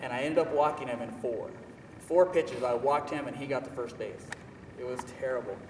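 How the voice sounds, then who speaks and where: A young man telling a personal story in an animated, self-mocking, emphatic way. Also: mid-range voice, normal speed, a little hiss or hum. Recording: echoey hall, voice from far off, faint ambience.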